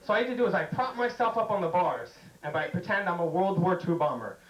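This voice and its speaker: A man's voice: high-pitched, expressive, fast, reverberant, rough recording. A man doing a stand-up comedy routine, telling jokey stories and acting out bits in raised voices. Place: comedy stage.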